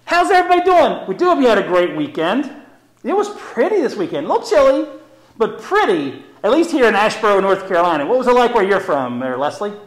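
A man teaching on a live zoo stream, his voice high and swinging widely in pitch as he chats and explains. He sounds upbeat and talkative, in an echoey room. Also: sing-song, fast. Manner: chatty, upbeat, explains with memory tricks. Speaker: zoo educator, program host.

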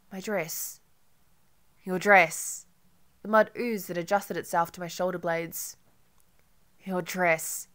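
A woman narrating an audiobook in an intimate, measured first-person reading. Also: fairly low pitch.

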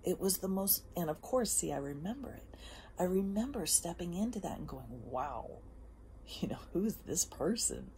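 A woman hosting a casual motivational monologue, emphatic, often dropping into soft whispers before rising again. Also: lowish voice, sing-song, moderate pace, slight background noise. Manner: emphatic, drifts between soft whispers and bursts. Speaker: host. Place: outdoors.

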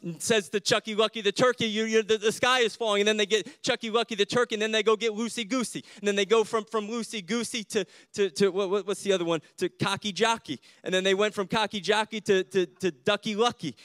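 Animated high-voiced male pastor. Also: fast, few pauses, dry recording. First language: not English. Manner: animated, repeats words while building points. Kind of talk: sermon.

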